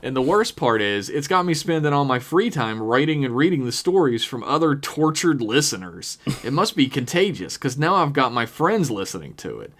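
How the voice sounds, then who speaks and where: A man's voice: mid-range voice, very animated, moderate pace, few pauses, a bit bright. A man co-hosting a podcast, reading a listener's email aloud in casual chat, wry and cursing freely. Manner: wry, swears casually, reads with mock drama. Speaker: podcast co-host.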